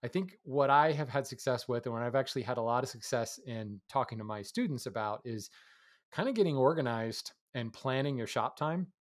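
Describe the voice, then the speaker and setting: A man co-hosts a podcast in a mid-pitched voice. He explains things in a relaxed, teaching way and laughs easily. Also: fairly quick. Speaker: podcast co-host and woodworking teacher. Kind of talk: casual podcast chat.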